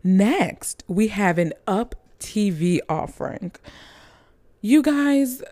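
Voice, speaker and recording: A woman's voice: mid-range voice, expressive, slow, warm tone, no echo. A woman reviewing movies in a casual, chatty, gushing manner with playful asides.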